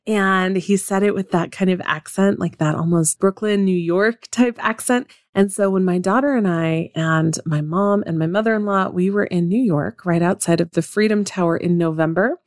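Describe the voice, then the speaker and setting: A woman's voice: medium pitch, moderate pace, few pauses, darkish tone, dry recording, clean studio sound. A woman hosting her own podcast, speaking in an upbeat, chatty way straight to her listeners. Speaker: podcast host. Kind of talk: solo podcast monologue.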